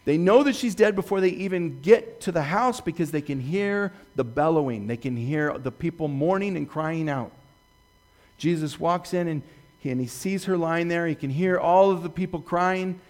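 A man preaching a sermon, retelling Bible stories with lively swings from hushed quoting to excited bursts. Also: on the high side. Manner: animated storytelling, jumping from hushed to excited; quotes scripture slowly and softly. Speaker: pastor.

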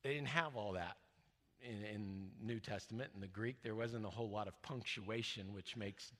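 Man preaching in a reverberant hall. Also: moderate pace. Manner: conversational, with many fillers and restarts; drops soft and low when quoting scripture. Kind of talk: sermon teaching.

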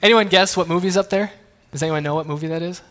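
A man's voice: high voice, fast, a bit bright. A man in his thirties preaching, telling family stories in a conversational, joking way and asking the audience questions. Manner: conversational, self-deprecating, asks the audience questions. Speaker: pastor. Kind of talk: sermon with family anecdotes. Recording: long reverb of a large hall.

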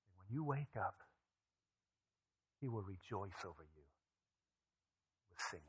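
A man in his thirties, a pastor preaching a sermon, telling stories and moving from animated asides to a soft, hushed voice. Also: deep voice, unhurried, a little hiss or hum, rough recording. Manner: storytelling, animated then dropping to a soft hushed voice.

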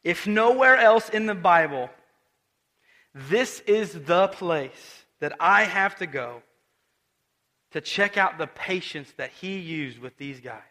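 A man preaching a conversational sermon, telling the story in an animated way and putting direct questions to his listeners. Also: high-pitched, takes it slowly. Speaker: pastor.

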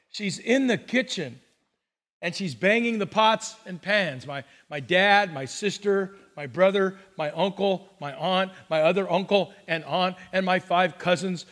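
A pastor preaching a sermon in a conversational storytelling manner, asking the congregation questions. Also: male voice, high voice, fairly bright tone, big-room sound.

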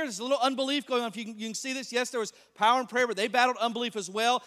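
A man preaching an animated sermon as pastor, joking and asking the congregation questions. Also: very high voice, rapid-fire, few pauses. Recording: long reverb of a large hall.

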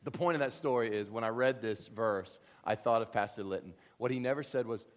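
A man preaching a sermon, animated and humorous, swinging between loud excited bursts and hushed, quiet emphasis. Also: mid-range voice, fairly quick, hardly any pauses. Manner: humorous storytelling asides. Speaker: pastor.

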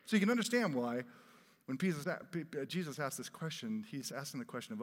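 A man preaching a sermon in a conversational, expressive way, his voice swelling for emphasis. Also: medium pitch, fairly quick. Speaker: pastor. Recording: long reverb of a large hall.

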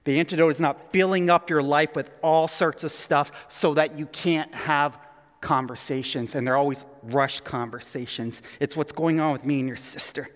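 A man preaching a sermon in an animated, conversational storytelling way. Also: a little high, normal speed, in a large hall. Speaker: pastor.

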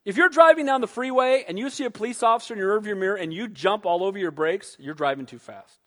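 A man preaching a sermon, animated, who acts out quoted voices and calls for amens. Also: high-pitched, fast talker. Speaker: pastor. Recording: long hall reverb.

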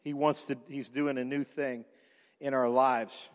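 A man pastor telling a personal story in a sermon, animated, with frequent restarts and repeated words. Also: medium pitch, measured pace, in a large hall.

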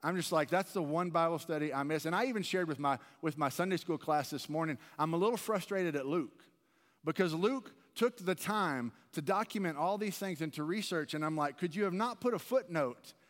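Earnest preacher in a reverberant hall. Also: male voice, on the high side, fairly quick, fairly bright tone. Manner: earnest, conversational preaching with repeated restarts. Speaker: pastor. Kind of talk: sermon. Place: large church sanctuary. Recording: long reverb of a church hall.

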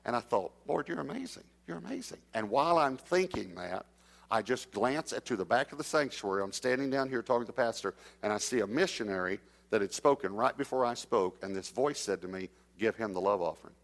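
A middle-aged man preaching, telling a personal story and acting out the dialogue, sometimes dropping to a hush. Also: lowish voice, quick pace, hardly any pauses. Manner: anecdotal, acts out dialogue, drops to a hush for suspense. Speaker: traveling preacher. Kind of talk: storytelling sermon.

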